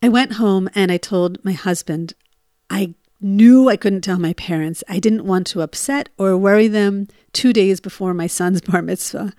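A woman's voice: medium pitch, moderate pace, warm tone, dry recording, studio quality. A woman in her forties telling a personal story, reliving her panic with emotional bursts.

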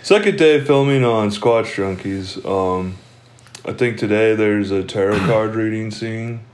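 A man's voice: on the low side, unhurried, a little mellow. Laughing, rambling young man. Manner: rambling, laughing storyteller, swears freely. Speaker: podcast co-host. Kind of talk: casual chat.

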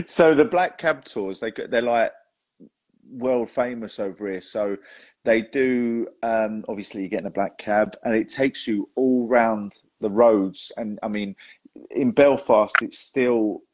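Chatty man, fairly low voice. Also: slow pace. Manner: chatty, laughs often, lively storytelling. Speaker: podcast host. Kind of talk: casual chat.

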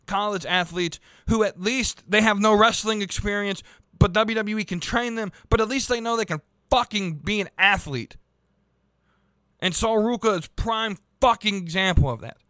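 A young man hosting a wrestling-review podcast rants heatedly in a high-pitched, sharp voice that comes across clear and resonant with no room sound. His casual commentary is full of profanity, and he rambles and keeps stumbling into restarts.

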